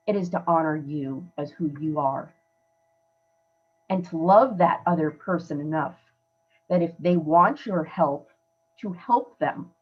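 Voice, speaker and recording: Muffled audio carries a woman's lowish voice as she hosts a podcast. She hands out earnest, emphatic advice, conversational in the manner of casual coaching.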